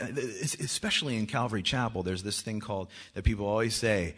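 A man with children, a worship leader giving a joking testimony talk to a church that rises into loud, urgent exhortation. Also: medium pitch, a little fast, few pauses. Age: adult with children. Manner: joking, self-mocking, often laughing.

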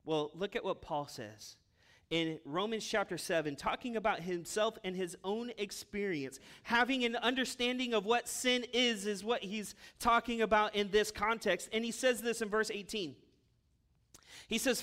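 A man preaching a sermon as a pastor, with impassioned delivery that swings between loud urgent bursts and hushed asides. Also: high voice, normal speed.

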